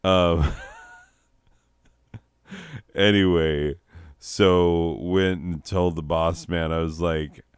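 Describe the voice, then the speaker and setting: A man's voice: deep voice, fairly even intonation, very slow, pauses often, smooth, no echo, clean studio sound. A man delivering a crude, rambling comedy monologue, laughing at his own jokes and slipping into silly voices. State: recovering from nausea. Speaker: comedy podcaster.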